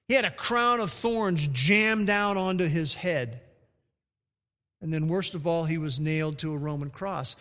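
Male pastor, sermon, emphatic, slows on key words, bright tone, church reverb. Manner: emphatic preaching, slowing and dropping low on key words. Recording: long hall reverb.

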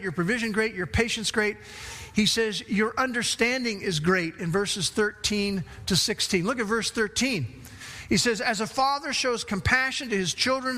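A man preaching a sermon to a congregation in a church, animated, asking questions and repeating phrases for emphasis. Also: sits high. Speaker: pastor. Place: church sanctuary. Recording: long hall reverb.

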